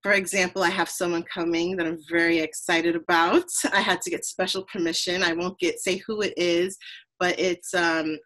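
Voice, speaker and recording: A woman from Trinidad, hosting a podcast, telling her story in an earnest, animated casual conversation. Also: fairly low pitch, moderate pace, poor audio. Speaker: podcast host.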